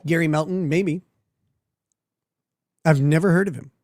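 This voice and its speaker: Fielding viewer messages on his livestream, a man answers with crude, sardonic jokes and frequent laughter. His pitch is fairly high and his delivery unhurried, with a slightly mellow tone and no echo, in casual livestream commentary.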